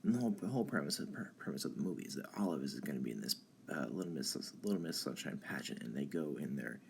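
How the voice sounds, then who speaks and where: A young man hosting a live stream, talking through ideas in a halting way with many ums and restarts. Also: very deep voice, expressive, vocal fry, a little hiss or hum. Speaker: channel host. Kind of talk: casual philosophy talk on a live stream.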